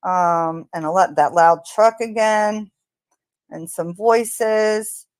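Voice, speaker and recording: Slow, hesitant woman narrating true crime. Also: medium pitch, dry recording. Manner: speculative, hesitant, with fillers. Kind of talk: narrating audio analysis.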